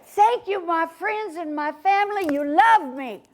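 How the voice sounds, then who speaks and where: A woman's voice: very high voice, unhurried. A woman storyteller in a folksy cowgirl persona, telling a story to children in a library story room and having them repeat lines after her.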